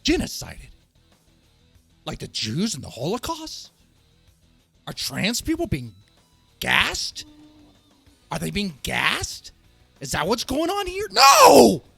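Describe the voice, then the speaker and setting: A man delivering a heated rant on a commentary show, in a fairly high voice that swoops up and down widely. He presses his points hard, repeats himself and at times breaks into a shout. Faint music plays behind him. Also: wildly swooping pitch, slow pace, gravelly, pauses often, slightly rough. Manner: heated and emphatic, rising to shouts, with repeats and restarts. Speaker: host of a reaction and rant channel. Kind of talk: ranting political commentary.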